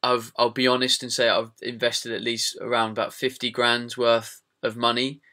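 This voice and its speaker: Bright, chatty British man. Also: mid-range voice, level tone, moderate pace. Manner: chatty, swears casually, many fillers. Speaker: podcast host. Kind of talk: casual podcast chat.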